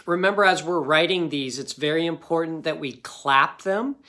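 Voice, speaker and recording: A man's voice: fairly high pitch, moderate pace, bright, forceful tone. A man teaching a phonics lesson, patient and encouraging, checking in often with "okay?".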